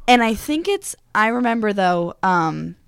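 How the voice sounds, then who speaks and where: A young woman co-hosting a podcast in a playful, chatty way, her speech full of fillers. Her voice sits at a middling pitch. The sound is close and dry. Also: big pitch swings, unhurried, vocal fry, smooth, dry recording. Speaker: podcast co-host. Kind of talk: casual chat.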